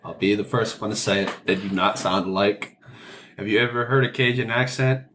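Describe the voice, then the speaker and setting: A man's voice: on the low side, level tone, noisy background. A man co-hosting a podcast, giving firm opinions in casual chat, often restarting his sentences. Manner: opinionated, talks in quick bursts with restarts. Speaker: podcast co-host.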